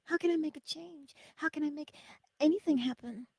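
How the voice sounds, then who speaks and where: A woman's voice: high voice, fairly quick, vocal fry, mellow, no echo, studio quality, voice pushed up. A woman doing a timid small-feeling woman. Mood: self-doubting. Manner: plaintive, doubting.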